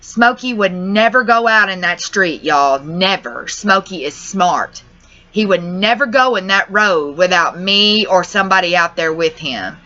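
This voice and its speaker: A woman's voice: lowish voice, lively intonation, measured pace, sharp tone. A young woman tells her channel about a family crisis in a rambling, distressed way, cussing now and then. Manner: distressed, rambling, says y'all and cusses. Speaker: vlogger. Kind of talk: emotional personal vlog. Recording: dull lo-fi audio.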